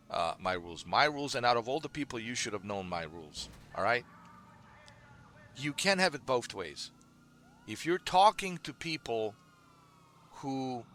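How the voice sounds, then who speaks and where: A man's voice: medium pitch, sharp tone. A man streaming, giving a scolding, repetitive rant at a viewer he keeps calling dude. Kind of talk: ranting monologue to a viewer.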